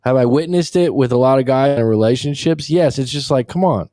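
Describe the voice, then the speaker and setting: A man hosting a relationship coaching talk show in casual chat, telling stories with lively acted-out quotes and casual swearing. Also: medium pitch, brisk. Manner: animated storyteller who acts out quotes, swears casually.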